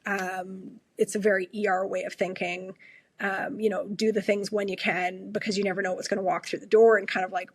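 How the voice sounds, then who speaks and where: A woman from Canada who works as an emergency room nurse, talking in a relaxed, chatty way with plenty of fillers and quick laughs. Her voice is slightly husky and sits in a middle pitch. It is recorded close and dry, with no room sound. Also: dry recording. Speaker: ER nurse guest. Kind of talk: casual storytelling conversation.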